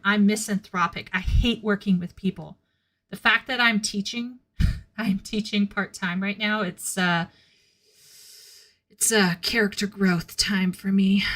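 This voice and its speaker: A woman's voice: medium pitch, fairly bright tone. A woman streaming and chatting casually with her viewers, blunt and candid, often laughing at her own remarks. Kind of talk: casual chat with a live chat.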